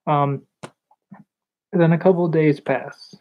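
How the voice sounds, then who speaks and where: A young woman telling a personal story in a vlog, hesitant and halting, with nervous laughs. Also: deep voice, fairly even intonation. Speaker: vlogger. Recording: slightly dull lo-fi recording.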